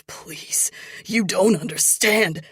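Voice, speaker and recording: A woman's voice: medium pitch, slow, husky, in a whisper, voice pushed up, full character voice. A woman voicing a terrified male captive with a strained, breaking, begging voice. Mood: pleading.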